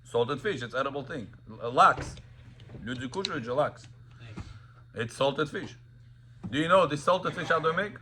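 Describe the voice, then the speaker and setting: A male rabbi teaching a class on Sabbath laws to students. He quizzes them, tells lively anecdotes, and switches between languages. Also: on the high side, normal speed, long pauses, a little hiss or hum. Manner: animated storyteller, quizzes students, mixes in Russian and Hebrew.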